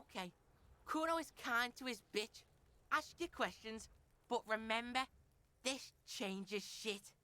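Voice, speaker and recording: A woman's voice: a little high, animated, slow pace, sharp tone, full character voice. A woman voicing a crude, swaggering young boy who taunts and talks about himself in the third person. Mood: menacing.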